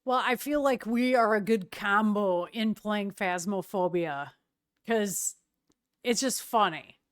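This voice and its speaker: A woman streamer chatting casually with her viewers, relaxed and quick to laugh. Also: mid-range voice, no echo, clean studio sound.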